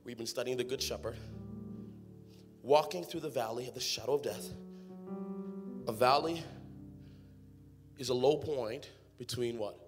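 A young adult man preaching an energetic sermon, rising to shouted, half-sung exhortation. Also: medium pitch, measured pace, long pauses. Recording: music playing behind.

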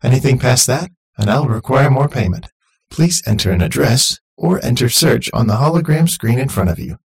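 A man's voice: medium pitch, lively intonation, moderate pace, vocal fry, breathy edge, voice pushed up, exaggerated voice. A man voicing the cheerful automated voice of a driverless taxi, polite and upbeat. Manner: bright, overly polite service tone.

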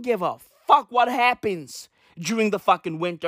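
A man ranting casually to camera, profane and animated, tossing in "bruv" and "right?" constantly. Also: very high-pitched, unhurried, hardly any pauses, no echo, studio quality. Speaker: vlogger. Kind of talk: casual comedic rant to camera.

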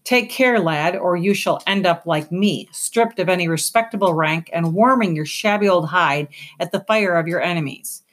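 A languid, mocking giant rat drawls in a storybook voice, performed by a woman reading aloud. He sounds weary, clever and quietly dangerous, with his drawl sitting slightly low. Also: moderate pace, hardly any pauses, close to an everyday voice. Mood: languid mockery. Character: sardonic, weary male giant rat, cunning and wry. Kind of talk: audiobook character voice.

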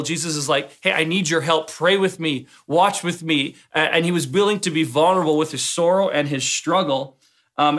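Earnest halting male preacher. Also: on the high side, fairly bright tone. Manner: earnest, halting with repeated words and fillers. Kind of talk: casual devotional talk.

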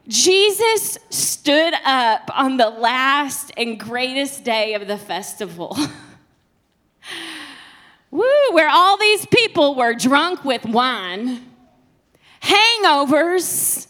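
A woman's voice: high voice, sing-song, extremely slow, pauses often. Passionate woman preaching a sermon. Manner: passionate, swinging between soft and loud.

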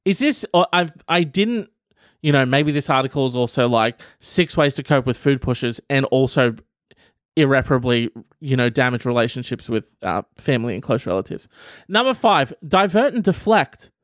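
Comedic male podcast host, rambling and profane, very lively delivery, dry sound. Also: mid-range voice, moderate pace, dry recording. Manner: reads out an article and riffs on it.

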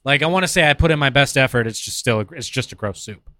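A man's voice: medium pitch, animated, quick pace, sharp tone, no echo, studio quality. A young man in casual, joking chat as a podcast co-host, laid-back and full of dude and bro.

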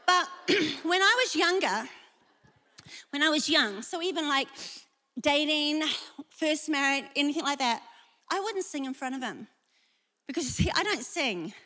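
A woman's voice: sits high, expressive, measured pace, long pauses, sharp tone. A woman pastor preaching a sermon in a chatty, self-deprecating way, laughing often, in a large church auditorium. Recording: long hall reverb.

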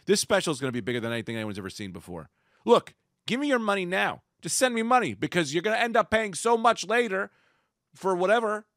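A man hosting a casual podcast, a little stoned, launching into rambling, excitable comic rants. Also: high voice, quick pace, no echo, clean studio sound. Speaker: podcast host.

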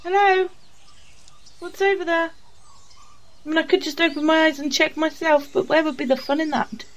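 A woman's voice: high voice, steady tone, moderate pace. A woman in an improvised comedy play, teasing and flirting playfully. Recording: clear background noise.

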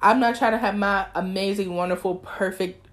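Young woman host, twenties, chatty and animated, breaks into sermon-style exhortation. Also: medium pitch, moderate pace. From East Texas. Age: 20s. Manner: lively, talkative, preachy bursts. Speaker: podcast host. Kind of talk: casual chat.

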